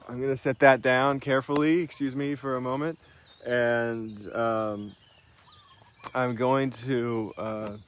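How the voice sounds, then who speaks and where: A man guiding a breathing meditation with slow, soothing instructions, often pausing with ums. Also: medium pitch, a little hiss or hum. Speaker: meditation guide. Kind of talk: guided meditation. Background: crickets and insects outdoors.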